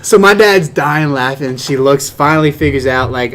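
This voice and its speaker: A man's voice: medium pitch, normal speed, fairly bright tone, slight background noise. A man hosting a podcast in casual chat, laughing a lot, swearing and playful while telling a story. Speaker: podcast host.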